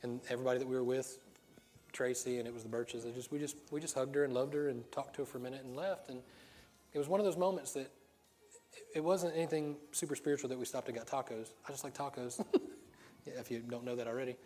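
A man preaching at an everyday middle pitch, speaking to his congregation as if chatting with friends. He moves easily between stories and scripture and tosses out questions for them to answer. A light laugh keeps breaking into his talk. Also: fast talker, darkish tone, faint music behind. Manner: conversational storytelling, rhetorical questions, frequent laughs. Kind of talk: sermon.

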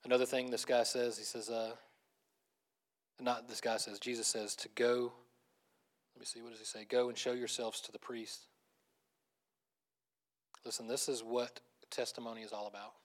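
A man preaching a conversational sermon as pastor, animated, laughing often and restarting phrases. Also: medium pitch, normal speed, pauses often.

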